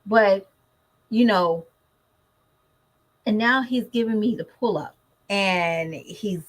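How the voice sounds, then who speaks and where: Woman, casual vlogger mom, animated, chatty, speaks straight to her audience. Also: mid-range voice, slow, low-quality recording. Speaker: mother vlogger. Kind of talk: casual chat to camera.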